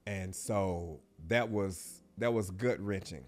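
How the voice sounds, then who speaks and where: Speaking slowly in a low voice, a middle-aged man shares a personal story as a guest on an interview show. He is reflective and heartfelt, frequently dropping to a hush and pausing.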